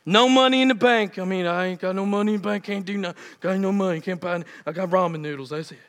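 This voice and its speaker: A man's voice: high voice, quick pace, a bit bright, pitched below the performer's own voice. A man voicing a downtrodden man who grumbles self-pityingly about his troubles. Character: mopey downtrodden man full of complaints.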